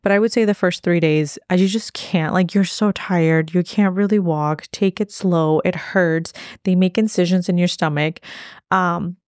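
A woman's voice: lowish voice, fairly even intonation, moderate pace, darkish tone, no echo, studio quality. A young woman telling a personal story to camera in a candid, chatty way, full of fillers and sometimes emotional. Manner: candid, chatty, lots of fillers, tearful at times. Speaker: vlogger.

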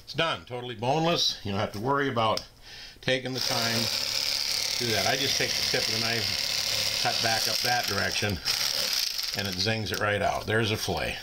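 Folksy man over loud clatter. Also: lowish voice, normal speed, long pauses, heavy background noise. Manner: folksy, down-home talk while working. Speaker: host demonstrating fish cleaning. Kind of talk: casual how-to demonstration.

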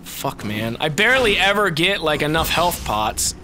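A man giving profane, excitable let's play commentary, swinging from mutters to shouts and talking to the enemies on screen. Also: fairly high pitch, normal speed, over music. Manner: talks to the game and its enemies. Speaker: gamer.

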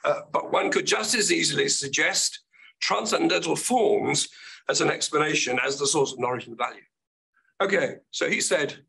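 Croaky older man lecturing. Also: a little high, moderate pace, bright, forceful tone, rough recording. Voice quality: gravelly. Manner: thoughtful, with hesitant restarts. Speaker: keynote speaker. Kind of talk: academic lecture.

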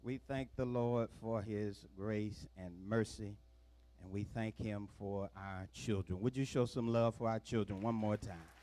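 A man pastor making church announcements in a relaxed, folksy way, with the odd "uh" between phrases. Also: on the low side, unhurried.

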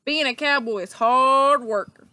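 A woman voicing a small man thief who plays at being a cowboy, whooping and giggling in a high, excitable voice. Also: slow, a little hiss or hum, exaggerated voice. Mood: cheerful.

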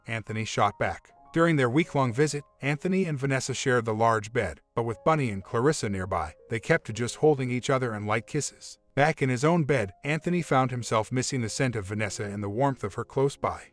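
A man narrating a story script in a steady, measured way. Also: medium pitch. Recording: faint music behind.

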